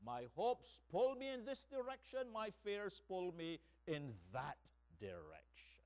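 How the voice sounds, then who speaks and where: A man preaching a sermon as pastor, slow and emphatic, tossing in rhetorical "hmm?" asides to the congregation. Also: fairly high pitch, clear, resonant tone.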